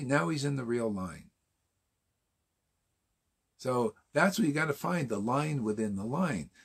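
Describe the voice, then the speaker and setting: A man's voice: fairly high pitch, gravelly, slightly rough. A man giving an informal morning class sermon, casual and emphatic, full of rhetorical questions and slang. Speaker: spiritual teacher.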